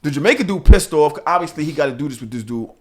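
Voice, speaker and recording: Male podcast host, high and animated, loose and profane storyteller. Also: fast talker. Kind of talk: casual storytelling chat.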